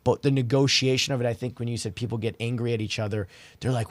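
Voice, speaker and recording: A man's voice: medium pitch, fairly even intonation, fast, no echo. A man who works as a realtor, talking casually on a podcast and telling anecdotes, with frequent restarts. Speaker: realtor guest.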